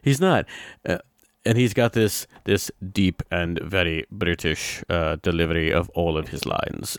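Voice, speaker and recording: A man's voice: low voice, moderate pace, creaky, no room sound, studio quality. A man co-hosting a casual film podcast, rambling with fillers and chuckles. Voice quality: rambling, laughing, many fillers and restarts. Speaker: podcast co-host. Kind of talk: casual film-review chat.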